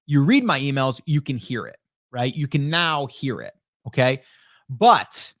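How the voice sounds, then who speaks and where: A man's voice: on the high side, no echo, clean studio sound. Fired-up man hosting a live stream. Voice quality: energetic, fired-up, rapid talker. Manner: rhetorical "right?" and "okay?" tags. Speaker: livestream host. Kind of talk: casual live stream coaching. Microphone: broadcast dynamic studio mic.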